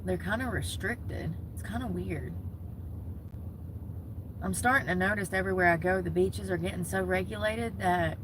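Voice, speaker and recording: A young woman, chatting casually to camera as a vlogger, gossipy and animated. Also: medium pitch, normal speed, background noise. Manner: chatty, gossipy, talks with her hands in words like "y'all" and "homegirl".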